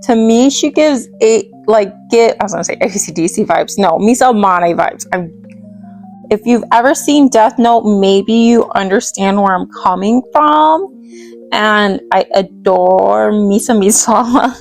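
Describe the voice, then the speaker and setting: A woman's voice: medium pitch, unhurried, creaky, darkish tone, faint music behind. A woman vlogger chatting casually about her doll collection, rambling and giggly, tripping over names as she goes. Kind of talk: casual chat while restyling dolls.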